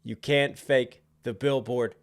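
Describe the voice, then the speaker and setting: A man's voice: mid-range voice, steady tone, slow. A young man, a rapper, giving casual reaction commentary on a song and animatedly breaking down its rhymes and flow.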